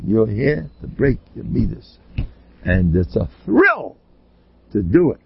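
A man, a rabbi, delivering a blunt and emphatic Torah lecture full of rhetorical questions, often pushing up into high exclamations. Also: sing-song, moderate pace, creaky, slightly rough. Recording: slightly dull, lo-fi recording.

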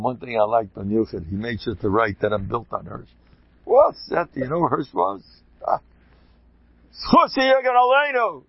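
Man, rabbi, animated joking storyteller, Yiddish and Hebrew terms, dry close sound, muffled lo-fi audio. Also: mid-range voice, gravelly, breathy edge, no room sound. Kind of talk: informal Torah talk to a group.

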